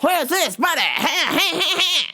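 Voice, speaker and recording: A woman's voice: extremely high pitch, sing-song, unhurried, pushed and bright, voice pushed up, heavily acted. A woman voicing a pushy old male customer who nags over and over for attention. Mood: pestering. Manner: repeats "hey buddy" insistently.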